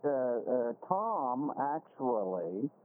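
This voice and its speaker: An older man, a guest actor in a casual interview, speaking slowly and haltingly with many fillers. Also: medium pitch, very animated. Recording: dull lo-fi audio with faint background hiss.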